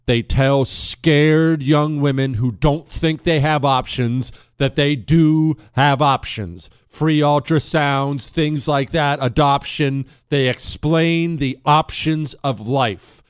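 A man hosting a talk radio show, telling a story in a dramatic monologue that swings between hushed and emphatic. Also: a little high, steady tone, slow pace, few pauses, smooth, dry recording, clean studio sound. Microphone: studio microphone.

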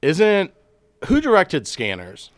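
A man's voice: high voice, huge pitch swings, takes it slowly. A man hosting a casual podcast chat in a studio, joking and curious, swearing casually. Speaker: podcast host.

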